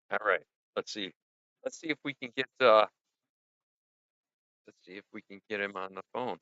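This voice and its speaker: A man's voice: fairly low pitch, bright, forceful tone, no echo. A man hosting a casual livestream, rambling and joking as he talks to his viewers. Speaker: livestream host. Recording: dry, dull lo-fi sound.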